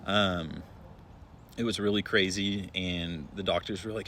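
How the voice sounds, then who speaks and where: Young man, emergency room nurse, casual storytelling, chatty and relaxed, lowish voice, faint background hum. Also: unhurried. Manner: chatty, relaxed, many filler words.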